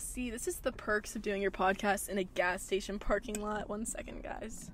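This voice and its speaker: A woman's voice: medium pitch, steady tone, fairly quick, hardly any pauses, very noisy. A young woman hosting a podcast from a parked car, talking casually, swearing a lot and filling her sentences with "like". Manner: chatty, swears a lot, heavy filler "like". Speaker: podcast host. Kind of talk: casual solo podcast chat. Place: parked car at a gas station.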